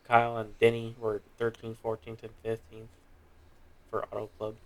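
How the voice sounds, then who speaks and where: A man's voice: lowish voice, completely flat delivery, moderate pace. A young man co-hosting a casual racing podcast, tired after a drive, easygoing as he lists standings. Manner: easygoing, reads standings in a list. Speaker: podcast co-host. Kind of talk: casual chat.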